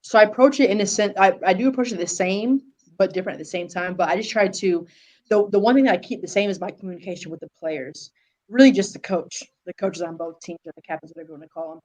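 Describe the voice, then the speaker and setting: A woman co-hosting a podcast, explaining her approach calmly with many pauses. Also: mid-range voice, low-quality recording. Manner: measured, with many "um"s. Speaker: podcast co-host, flag football official. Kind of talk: casual podcast discussion.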